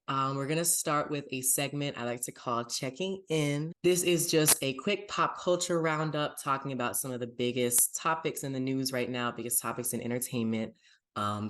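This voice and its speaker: A man's voice: medium pitch, fairly bright tone. A man hosting a pop culture podcast, chatting upbeat and casual about TV and plugging his pages. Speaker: podcast host.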